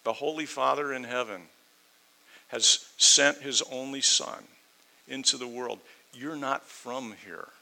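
Gravelly, bright-voiced male preacher. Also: mid-range voice, fairly even intonation, takes it slowly, poor audio. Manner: reads scripture then explains it conversationally, dynamic swings between loud and quiet. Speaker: pastor. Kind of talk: sermon, verse-by-verse Bible teaching.

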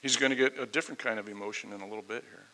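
A man preaching a sermon, reading scripture aloud and then explaining it in a conversational way, swinging between loud emphasis and quiet asides. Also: lowish voice, rapid-fire, low-quality recording. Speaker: pastor. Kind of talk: sermon, verse-by-verse Bible teaching.

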